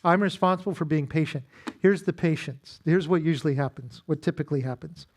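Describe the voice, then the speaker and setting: Leading a marriage seminar at church, a pastor speaks a little fast in a slightly high voice. His teaching is easygoing and conversational, sprinkled with self-deprecating humor and acted-out bits of dialogue.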